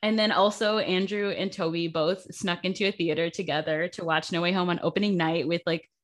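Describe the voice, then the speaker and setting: A woman's voice: fairly low pitch, fairly even intonation, fairly quick. A young woman co-hosting a casual podcast chat, giggly and chatty with lots of fillers. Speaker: podcast co-host.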